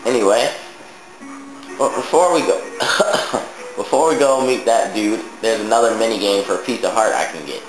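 A man with a lowish voice giving rambling, joking commentary over a video game, dropping crude asides as he plays. The room has a noticeable echo, and game music plays clearly behind him. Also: normal speed. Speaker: let's play host. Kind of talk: casual gameplay commentary.

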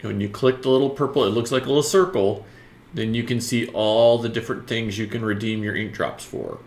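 A man's voice: fairly low pitch, fairly quick, reverberant. Easygoing man co-hosting a drawing stream. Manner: easygoing, jokey, greets viewers. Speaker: co-host and artist drawing live. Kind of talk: casual chat.

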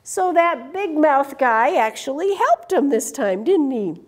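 A woman reading a picture book aloud to children in an animated way, stopping to ask them questions. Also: high-pitched, a little slow. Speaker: storytime reader.

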